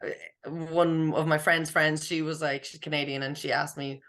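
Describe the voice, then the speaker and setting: A young Irish woman chatting as a comedian guest over a video call, relaxed, laughing often and swearing casually. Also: deep voice, moderate pace. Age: young adult. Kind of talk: casual chat.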